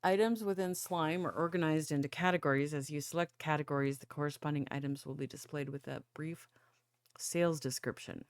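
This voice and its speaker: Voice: medium pitch, clean tone, no room sound, clean studio sound. Sleepy gamer reading tutorial text aloud. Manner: reads on-screen tutorial text aloud with quick asides. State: sleepy, yawning. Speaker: gaming channel host. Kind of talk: casual let's play commentary.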